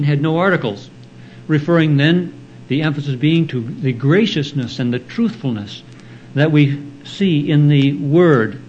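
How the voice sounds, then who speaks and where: A man preaching an expository sermon, explaining Bible verses in a slow, deliberate teaching manner. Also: a little high, darkish tone, lo-fi sound. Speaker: pastor.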